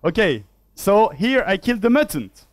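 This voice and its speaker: A man's voice: sits high, big pitch swings, no echo. A man from Switzerland gives a conference talk with live coding. He thinks aloud while typing and jokes about himself along the way. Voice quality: measured, self-deprecating. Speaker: conference speaker. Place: conference hall.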